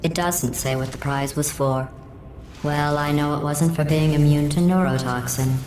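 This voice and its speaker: An actress voicing a cold, sarcastic female AI that runs test chambers, speaking in a deadpan, passive-aggressive way through a synthetic robotic filter. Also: low voice, moderate pace, noisy background. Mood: mocking. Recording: echoey game audio with music behind.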